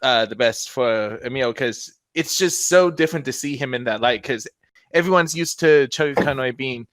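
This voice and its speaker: A man's voice: medium pitch, moderate pace, a bit bright, no echo. Joking young man on a group podcast. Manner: joking, rambling, enthusiastic. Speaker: podcast co-host. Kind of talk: casual group chat.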